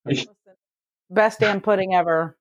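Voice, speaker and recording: A woman's voice: mid-range voice, fairly even intonation, a little slow, no room sound, dull audio. A woman co-hosting a comedy chat, reading out facts in a matter-of-fact way. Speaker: co-host presenting facts.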